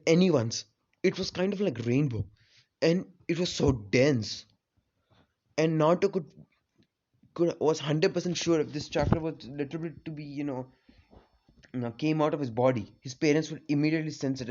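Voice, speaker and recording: A man's voice: on the high side, a little mellow. Rambling man retelling a fan story. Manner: rambling, many fillers. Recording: slightly dull lo-fi audio.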